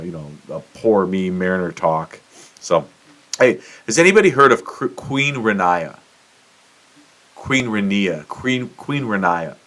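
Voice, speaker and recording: With a low-pitched, slightly bright voice, this middle-aged American host goes on casual, profane rants on his own podcast, mocking himself in sudden outbursts.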